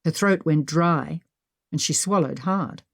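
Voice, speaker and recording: A woman narrating a mystery audiobook with expressive storytelling. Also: deep voice, measured pace, creaky, no echo, studio quality. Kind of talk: scripted narration.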